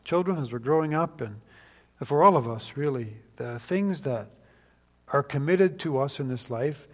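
A man preaching a sermon in an earnest, pleading way that rises to fervent questions. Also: a little high. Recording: long hall reverb.

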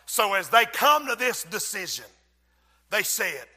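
A man preaching an impassioned sermon in a church, often rising to shouts. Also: high-pitched, sing-song, takes it slowly, in a large hall.

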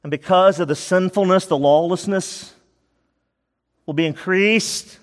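A man's voice: sits high, unhurried. A man preaching a sermon as pastor, urgent and pleading, repeating his points with emphasis. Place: church sanctuary. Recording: long reverb of a church hall.

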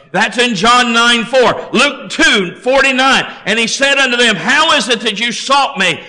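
A man preaching a sermon, emphatic, repeating key phrases, swinging from near-shouts down to low, quiet endings. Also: expressive, moderate pace.

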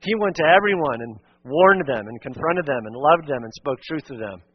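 Husky-voiced man preaching an emphatic sermon. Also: fairly high pitch, lively intonation, moderate pace, no room sound, highs cut off. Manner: earnest, emphatic, repeats key points. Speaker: pastor.

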